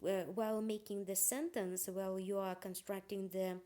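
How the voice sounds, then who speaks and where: A woman giving a university phonetics lecture, pausing often with fillers and restarts. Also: medium pitch, flat delivery, mellow. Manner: hesitant, many fillers and restarts.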